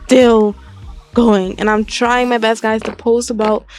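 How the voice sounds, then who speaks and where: Chatty young female tutorial host, rambling and giggly, slightly high voice, faint music behind. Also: level tone, unhurried, a little mellow. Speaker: Minecraft tutorial YouTuber. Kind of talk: casual screen-recorded tutorial.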